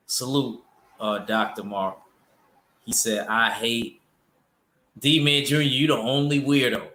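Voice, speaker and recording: A man's voice: mid-range voice, steady tone, slow, pauses often, pushed and bright, roomy sound. A man hosting a casual boxing livestream, rambling loosely and answering his chat. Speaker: boxing show host reading chat.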